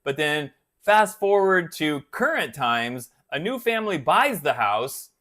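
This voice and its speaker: A man hosts a guitar channel in a loose live-stream chat. His voice sits a little higher than most men's. He rambles and loses track of what he was saying. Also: sing-song, measured pace, sharp tone.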